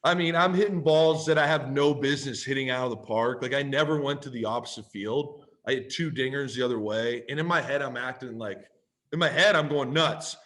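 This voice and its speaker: A man's voice: medium pitch, a little fast. Guy in his thirties, a podcast guest spinning a story with plenty of swearing and acted-out dialogue. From Canada. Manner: animated, profane, acts out both sides of conversations. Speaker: podcast guest, pro football player. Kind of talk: casual storytelling.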